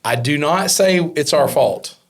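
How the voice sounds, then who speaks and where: A man's voice: fairly high pitch, expressive, unhurried, gravelly. A man who owns a business, telling stories in a casual conversational way, acting out quoted dialogue with lots of fillers and restarts. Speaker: business owner guest.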